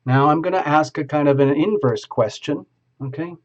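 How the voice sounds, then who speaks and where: A man's voice: fairly high pitch, moderate pace. Man giving a dull lo-fi tarot reading. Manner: improvising, talking step by step to the viewer. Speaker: tarot reader. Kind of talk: live video reading to a viewer.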